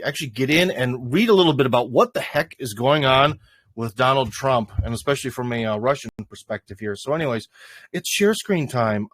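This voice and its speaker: A man's voice: medium pitch, fairly bright tone, no room sound. Rambling livestream host, man. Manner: rambling, full of "uh" and "anyways". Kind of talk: casual livestream commentary.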